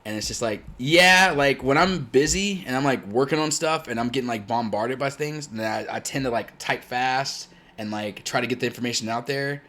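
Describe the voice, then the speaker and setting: A man's voice: mid-range voice, normal speed, few pauses. Blunt German-born man hosting a stream. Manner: blunt, loud when excited. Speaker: tournament host. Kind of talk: casual stream chat.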